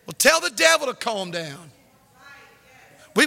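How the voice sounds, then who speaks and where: A male pastor preaching a fervent sermon in a church, climbing into shouts and repeating words as he presses his points. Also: extremely high pitch, unhurried, gravelly, pauses often, in a large hall. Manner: repeats words when excited. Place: church sanctuary.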